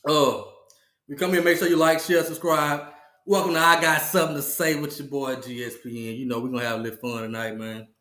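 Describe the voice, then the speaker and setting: Man hosting a comedic podcast, high and bright, repetitive playful trash talk, echo and faint background music. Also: flat delivery, fast. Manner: playful trash talk, laughs often, repeats phrases. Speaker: podcast host. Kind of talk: casual comedic monologue.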